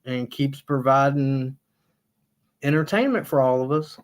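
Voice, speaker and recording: A man hosting a casual live stream, rambling and laughing a lot as he retells funny stories, sometimes jumping into high squealing impressions and swearing freely. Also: slow.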